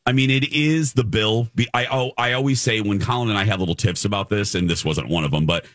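A man's voice: lowish voice, fairly quick, a bit bright, no echo, clean studio sound. A man in his forties, a radio co-host, telling a personal story in casual chat and acting out the quotes. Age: 40s.

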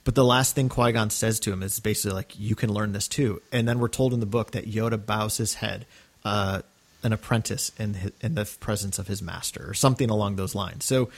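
A man's voice: on the low side, steady tone, fairly quick. A man co-hosting a podcast, talking earnestly and enthusiastically in casual chat, with many fillers and restarts. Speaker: podcast co-host.

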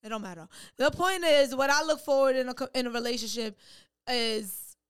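A woman's voice: high voice, normal speed, a bit bright, clear, resonant tone. A woman co-hosting a podcast who defends her view of a relationship, often cutting in and repeating herself. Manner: defensive, interrupts, repeats phrases. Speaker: podcast co-host. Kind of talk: heated casual debate.

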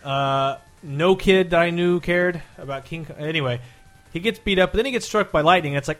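Man, 30s, slightly high voice, animated storyteller, casual podcast chat. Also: fairly quick, faint music behind. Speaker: podcast co-host.

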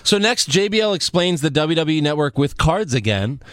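A man's voice: fairly high pitch, very animated, brisk, a bit bright, no echo, clean studio sound. A young man hosting a casual wrestling recap podcast, sarcastic and joking, often mimicking people. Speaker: podcast host.

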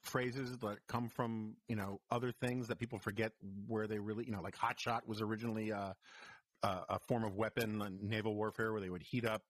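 A man's voice: lowish voice, little pitch movement, brisk, dry recording. A man co-hosting a podcast, teasing and telling anecdotes in casual chat. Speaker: podcast co-host.

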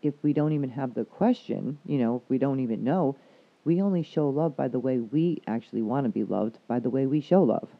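A man's voice: medium pitch, lively intonation, a little fast, gravelly. A man working as a counselor, talking casually and frankly, swearing freely as he explains things. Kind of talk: casual chat. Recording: dull lo-fi recording.

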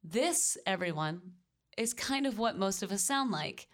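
A woman's voice: mid-range voice, lively intonation, a little slow, a bit bright. Rambling Southern-raised woman podcaster. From Southern United States. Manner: rambling, restarts often. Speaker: podcast co-host. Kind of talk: casual movie-review chat.

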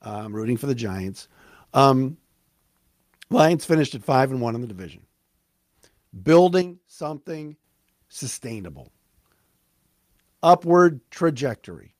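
A man hosting a solo sports talk podcast, recapping a game with emphatic, fan-like commentary and quick asides. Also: medium pitch, expressive, no echo, studio quality.

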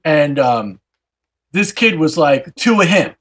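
A man hosting a podcast, telling a wild story in a casual, animated way, swearing freely and acting out every character. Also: a little high, takes it slowly, slightly rough. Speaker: podcast host.

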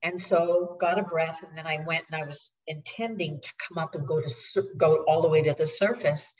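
A woman, a guest and executive coach, telling a personal story in a reflective, unhurried way. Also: low-pitched, fairly even intonation, darkish tone, recorded from a distance, rough recording. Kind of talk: storytelling in an interview.

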